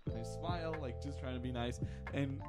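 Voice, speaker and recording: A man's voice: medium pitch, fairly quick, music in the background. A man telling a funny school story in casual podcast chat, laughing often.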